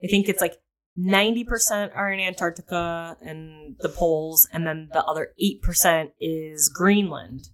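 Low-voiced woman chatting on a podcast. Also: normal speed. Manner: chatty, explaining with lots of fillers and swearing. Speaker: podcast co-host. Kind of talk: casual chat.

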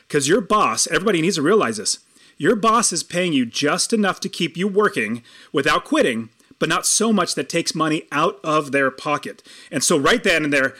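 A man, a guest in conversation, earnestly telling a personal story and shifting his pace for emphasis. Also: fairly high pitch. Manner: earnest, animated storytelling, speeding up and slowing down for emphasis.

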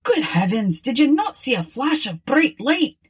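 A woman's voice: sits high, big pitch swings, unhurried, husky, pitched above the performer's own voice, exaggerated voice. Woman reading as a stern sea captain. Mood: demanding. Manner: commanding, sharp questions. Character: stern middle-aged male sea captain, demanding.

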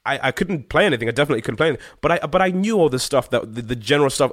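In a casual chat, a male guest musician from Zimbabwe, a singer-songwriter, tells a story at a racing pace. His talk is lively and slangy, loaded with fillers and occasional curses. The middle-pitched voice sounds close and dry, with no echo from the room.

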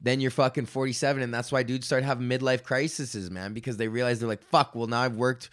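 A young man hosting a casual solo podcast, rambling and swearing freely, often laughing, and a bit low on energy. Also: fairly even intonation, fairly quick, no room sound, studio quality. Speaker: podcast host. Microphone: studio podcast mic.

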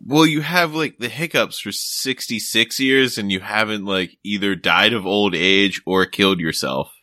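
A man's voice: lowish voice, measured pace, sharp tone, no room sound, clean studio sound. A man co-hosting a podcast in casual chat, joking and rambling into silly stories. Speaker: podcast co-host.

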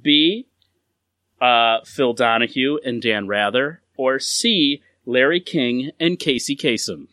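A man hosting a trivia game among friends, taking his time over each question. His voice is bright and forceful. He reads the answer options in a dry, close-miked sound. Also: mid-range voice, no echo. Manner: slow, deliberate question reading. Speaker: trivia quiz host. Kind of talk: casual game-show chat.

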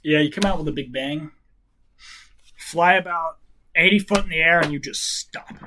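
A man narrating as game master in a tabletop game, describing scenes in a casual, halting way. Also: fairly high pitch, bright, forceful tone, slight background noise, rough recording.

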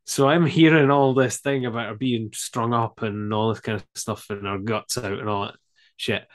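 A man in his thirties, a podcast guest, chatting casually and telling an animated story with lots of fillers and some swearing. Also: on the low side, normal speed. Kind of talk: casual chat.

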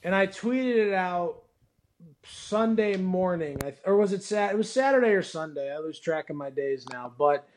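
High-voiced laid-back man. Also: expressive, moderate pace, a little hiss or hum. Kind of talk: casual chat.

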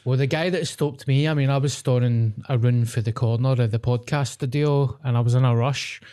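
A man's voice: medium pitch, fairly even intonation, moderate pace, mellow, smooth. A man, co-hosting a podcast and chatting casually, with dry, sweary asides. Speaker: podcast co-host. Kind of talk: casual chat.

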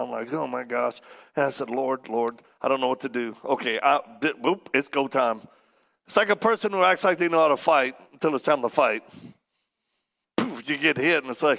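Gravelly-voiced man preaching with humor. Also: a little high, moderate pace. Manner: animated, acts out the people in his stories. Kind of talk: humorous storytelling sermon. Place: church service before a congregation.

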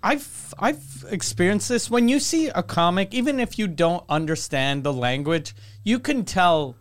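Co-host comedian, man, higher voice, laid-back anecdotes. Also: animated, unhurried. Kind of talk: casual podcast chat.

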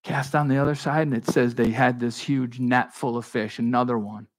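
A man's voice: medium pitch, fairly even intonation, moderate pace. Conversational, emphatic male pastor preaching. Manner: conversational and emphatic, with frequent restarts and asides to the congregation. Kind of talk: expository sermon.

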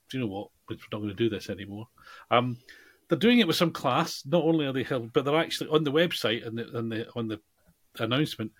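A man co-hosting a podcast in casual chat, talking in a rambling way with many fillers and restarts. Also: medium pitch. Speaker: podcast co-host.

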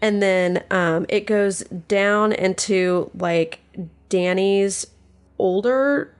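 A woman's voice: medium pitch, drawn-out words. A woman playing a tabletop game, describing her character's outfit with many fillers. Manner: hesitant, filler-heavy. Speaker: player. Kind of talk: casual chat around a tabletop game.

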